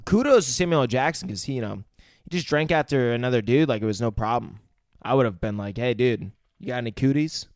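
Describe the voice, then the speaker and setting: A man's voice: medium pitch, lively intonation, fast talker, no room sound, clean studio sound. A man co-hosting a casual movie review podcast, retelling scenes loosely, swearing freely and putting on voices for the characters. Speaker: podcast co-host.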